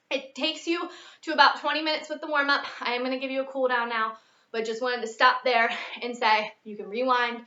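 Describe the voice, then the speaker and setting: Breathy high-pitched woman coaching a workout. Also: sharp tone. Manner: upbeat coaching, counting reps, mid-exercise. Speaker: fitness instructor. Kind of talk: guided workout instruction. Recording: echoey, distant, dull lo-fi.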